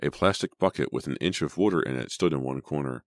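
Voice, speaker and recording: Very deep-voiced male audiobook narrator. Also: fast talker, no echo, studio quality. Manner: steady, dramatic storytelling.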